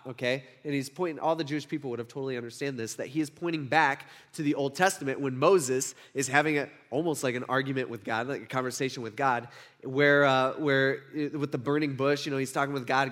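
A man teaching a Bible passage in a casual, conversational way, full of fillers and quick "right?" check-ins. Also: mid-range voice, steady tone, a bit bright.

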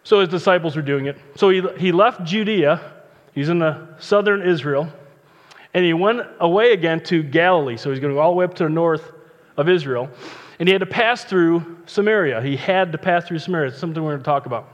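Joking pastor preaching in a reverberant hall. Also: male voice, on the high side, brisk. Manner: chatty, joking asides, conversational. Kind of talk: casual sermon with Bible reading. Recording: long reverb, dull lo-fi sound.

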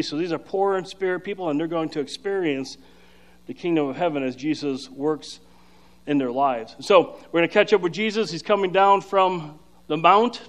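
A pastor preaches a sermon, explaining scripture emphatically and energetically. His voice is on the high side, and he uses frequent fillers and restarts.

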